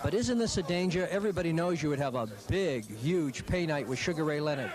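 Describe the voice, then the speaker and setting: A man's voice: on the high side, expressive, brisk, a crowd in the background. A man interviewing a boxer, stressing words and pressing with pointed questions. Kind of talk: sports interview.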